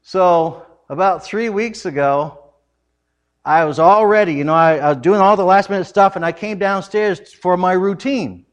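A middle-aged man preaching a sermon, telling family stories in an animated way with frequent laughs. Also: high voice, normal speed. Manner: animated, laughing often, loud acted quotes. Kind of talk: humorous storytelling sermon.

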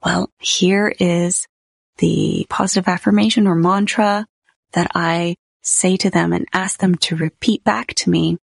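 A woman's voice: on the low side, fairly even intonation, a little slow, creaky, breathy edge, no room sound, clean studio sound. A woman hosting a solo podcast, talking in a candid, personal way and laughing easily. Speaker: podcast host.

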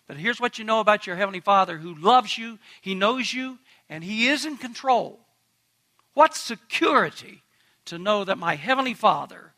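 Man pastor, sermon, high-pitched, bright tense tone, earnest and emphatic. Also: vocal fry. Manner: earnest, emphatic preaching with direct questions to the congregation.

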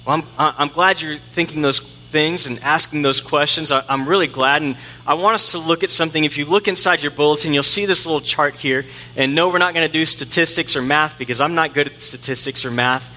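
A man's voice: fairly high pitch, brisk, sharp tone. A middle-aged man preaching a conversational, self-deprecating sermon in a church, acting out the voices he quotes. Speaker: pastor. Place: church sanctuary. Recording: long hall reverb.

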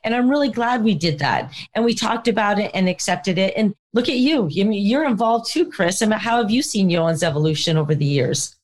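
A woman's voice: mid-range voice, animated, normal speed, hardly any pauses. A woman co-hosting a podcast in casual chat, talking in a chatty, teasing way. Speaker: podcast co-host, parent.

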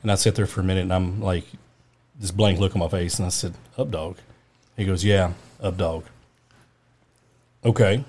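Male co-host, low voice, slow deadpan anecdote, casual talk. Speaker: podcast co-host. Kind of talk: casual podcast storytelling.

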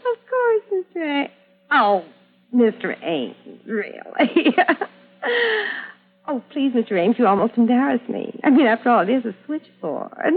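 A coy, scheming older woman purrs down a telephone line, drawing out her words in grand 1940s radio-drama fashion. Her high voice swoops up and down with a breathy edge and an unhurried pace. It comes through a thin, tinny old broadcast recording. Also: very animated, heavily acted. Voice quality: drawn-out theatrical delivery.

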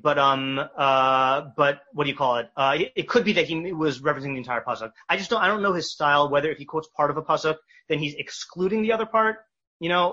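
A man's voice: fairly high pitch, bright, forceful tone, highs cut off. A man teaching a casual Torah study class, reading verses and translating them with fillers and restarts.

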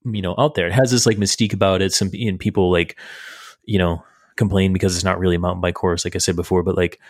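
A man's voice: low-pitched, level tone, quick pace, darkish tone, no echo, studio quality. A man hosting a podcast and coaching cyclists, chatting casually and teasing his guest. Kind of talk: casual chat.

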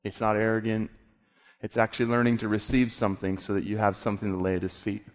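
A man's voice: fairly low pitch, level tone, long reverb tail. Conversational male pastor preaching. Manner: conversational, halting restarts. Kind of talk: sermon with prayer.

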